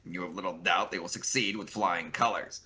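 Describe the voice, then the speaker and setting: A man's voice: low voice, a little fast, sharp tone, slight background noise. A man streaming, reading a webcomic aloud with casual asides and stumbling over odd words.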